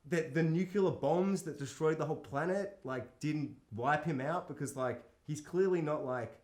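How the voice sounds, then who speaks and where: A slightly high-pitched man co-hosting a casual film podcast. He talks in an animated, incredulous way, swears freely and keeps acting out lines. The room is noticeably echoey. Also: normal speed. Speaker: podcast co-host.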